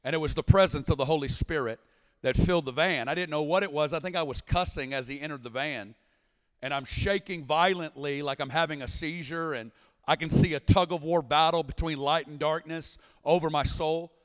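A man in his forties from Arkansas, a guest preacher telling his testimony in a lively, storytelling way, breaking into shouts now and then, with long reverb from a big church hall. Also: on the high side, a little fast. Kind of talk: sermon testimony. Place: large church sanctuary.

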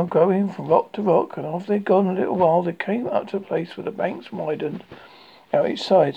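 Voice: medium pitch, gravelly, mellow, slightly rough. A storyteller reading a children's storybook aloud, stumbling and restarting often. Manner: halting reading with frequent slips and restarts. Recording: dull lo-fi recording.

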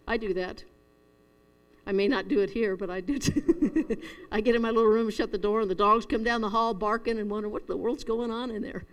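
A woman's voice: mid-range voice, a little fast, smooth. A middle-aged woman preaching a conversational sermon, earnest and storytelling, with chuckles at herself. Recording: echoey hall reverb.

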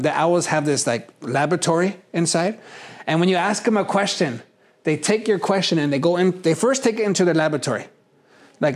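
A man teaching a casual workshop on personality types, talking in a conversational, animated way and acting out examples. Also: on the high side.

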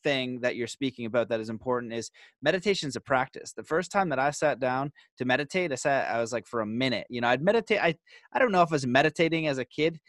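A man's voice: medium pitch, animated, fast talker, a bit bright, dry recording. A man hosting a podcast, talking in an earnest, explanatory way with hesitant restarts. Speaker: podcast host. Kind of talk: casual interview conversation.

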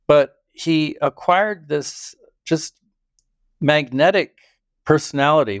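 Smooth-voiced older man recounting history. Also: medium pitch, dry recording, clean studio sound. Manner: thoughtful storytelling with occasional chuckles. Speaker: biographer guest. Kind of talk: interview answers.

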